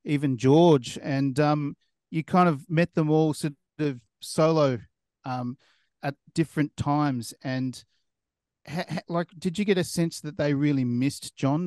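A man's voice: on the high side, a little mellow, dry recording. Rambling male podcast host, dry close sound. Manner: rambling, hesitant questions full of fillers. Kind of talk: casual interview questions.

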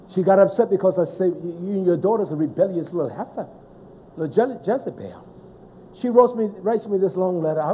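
A man preaching a sermon, shouting in a sing-song cadence with frequent "uh" fillers. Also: on the high side, slight background noise.

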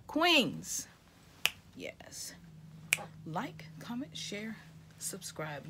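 A woman from Tennessee, chatting casually to camera, folksy and effusive, calling viewers y'all and honey and dropping into soft whispers. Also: mid-range voice, slight background noise. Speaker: vlogger showing gifts.

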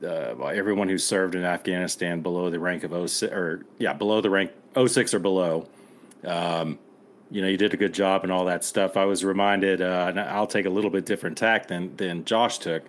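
A man's voice: sits low, steady tone, normal speed. A middle-aged man, a podcast co-host, speaking in angry, blunt, impassioned commentary and swearing as he rallies listeners.

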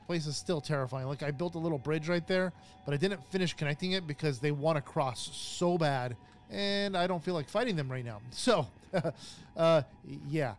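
A man casually narrating his own gameplay, chatty and jumpy, easily startled and quick to laugh at himself. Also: a little high. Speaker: gaming YouTuber. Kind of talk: casual let's-play commentary.

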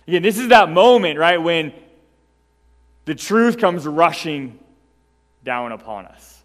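A man preaching a sermon as pastor, emphatic and animated, who keeps checking in with the congregation by asking "right?". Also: on the high side, slow, pauses often, in a large hall. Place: church sanctuary.

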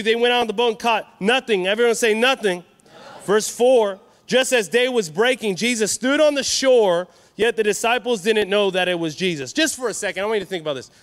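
A man from California preaching a sermon at a youth conference, energetic and calling for answers from the crowd. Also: sits high. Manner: energetic, call-and-response with the crowd. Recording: reverberant hall.

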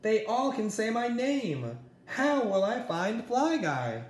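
An eager young boy from a picture book calls out in high, excited bursts, as a man puts him on. The voice leaps up and down with lively swings. It rings around an echoey room. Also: takes it slowly, exaggerated voice. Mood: urgent. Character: eager young boy calling for his pet.

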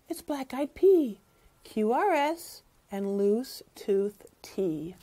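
A woman teacher reads a picture book aloud to children, stopping to ask them questions. Her slightly high voice swings widely in a sing-song way, and she takes her time with each line. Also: extremely slow. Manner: animated, sing-song, asks the listeners questions.

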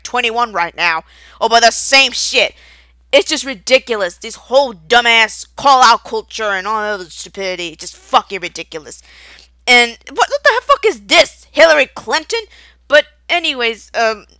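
A woman's voice: fairly high pitch, bright, forceful tone, no echo. A young woman in an unscripted rant, angry and profane, rambling with stutters and restarts. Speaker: video creator.

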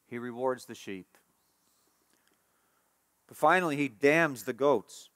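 A man preaching a sermon as pastor, emphatic and repetitive, dropping to a soft hush for tender passages and rising for key points. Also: moderate pace, no room sound. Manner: emphatic preaching, repeats key phrases, rises in pitch and force when stressing points.

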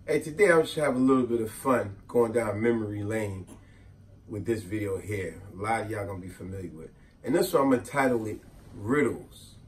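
A man telling funny childhood stories to his viewers in a casual, animated way, often laughing. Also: on the low side, a little fast, far from the mic. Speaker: vlogger. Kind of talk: comedic storytelling. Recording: voice a bit off-mic.

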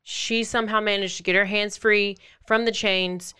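A woman hosts a podcast and casually recounts a true-crime case. She is animated and acts out the people in the story in playful voices. Her voice is smooth and clear, at a middle pitch. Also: moderate pace. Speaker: podcast host.

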